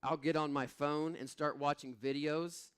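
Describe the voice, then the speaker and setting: A male pastor delivering a church sermon in a lively, storytelling way, often poking fun at himself. His voice sits a little higher than most men's. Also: a little slow, smooth. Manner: animated, self-deprecating storytelling. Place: church service.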